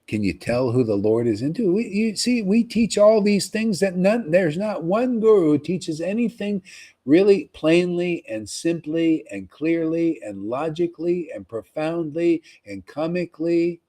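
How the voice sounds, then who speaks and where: A man giving an informal, rambling devotional talk to followers, often pausing to ask "see?" and repeating himself. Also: a little high, lively intonation, mellow. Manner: conversational, rambling, repeats words and asks "see?". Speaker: spiritual teacher.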